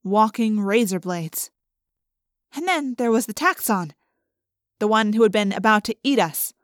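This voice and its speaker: A woman narrating an audiobook in the first person, vivid and expressive. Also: a little high, moderate pace, no room sound, studio quality.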